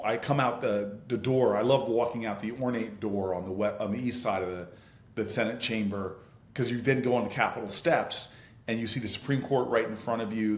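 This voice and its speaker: Animated male senator telling stories, roomy sound. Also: fairly low pitch. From United States. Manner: lively, laughing, vivid scene-setting. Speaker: senator, interview guest. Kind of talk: animated anecdotal storytelling.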